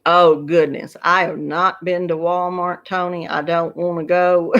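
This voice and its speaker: The audio is dull, but this Southern-accented grandmother in her fifties comes through in a lowish, unhurried voice with little pitch movement and a fairly bright tone. A YouTube craft host from Georgia, she chats casually with live-stream viewers from home, laughing often.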